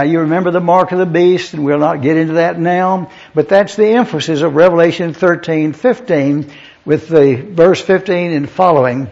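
A man's voice: on the high side, gravelly, darkish tone. A man preaching a methodical Bible lesson in a church, spelling out Greek words letter by letter. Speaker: pastor. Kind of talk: verse-by-verse Bible teaching. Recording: dull lo-fi recording.

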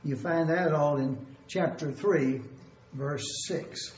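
Male preacher, high voice, methodical numbered-point sermon, echoey lo-fi church recording. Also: a little mellow. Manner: numbered points, deliberate repetition. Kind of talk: expository sermon. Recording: echoey room, dull lo-fi sound.

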